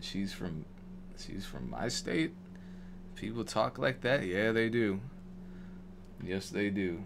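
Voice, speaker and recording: A deep-voiced man from Wisconsin, talking loosely and jokingly as a producer on a live stream. He rambles and restarts his sentences often, and a faint hiss sits under his voice. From Madison, Wisconsin. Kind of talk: casual livestream chat.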